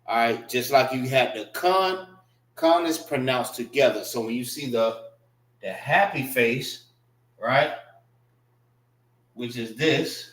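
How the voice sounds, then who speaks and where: A man's voice: mid-range voice, slow, pauses often, fairly bright tone, roomy sound. A man teaching a class, patiently repeating words and spelling them out letter by letter. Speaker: class instructor. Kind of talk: classroom lesson on writing and pronunciation.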